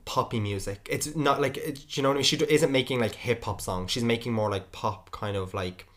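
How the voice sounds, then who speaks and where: A man's voice: mid-range voice, a little fast, a bit bright. Chatty man co-hosting a podcast. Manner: chatty, opinionated, many fillers. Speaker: podcast co-host. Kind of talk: casual chat.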